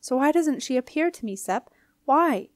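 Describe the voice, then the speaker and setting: A woman's voice: sits high, lively intonation, moderate pace, dry recording, voice pushed up. Woman reader as teen princess: emotional, urgent, storybook voice, dry recording. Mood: upset. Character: upset teenage princess girl.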